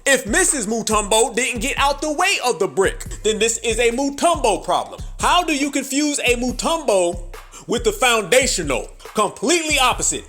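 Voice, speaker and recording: A man with a strikingly high voice delivers a heated social commentary rant. He talks in an emphatic, sing-song way and circles back to mocking repeated phrases. Faint music plays under him. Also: very animated, normal speed, sharp tone. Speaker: commentary channel host.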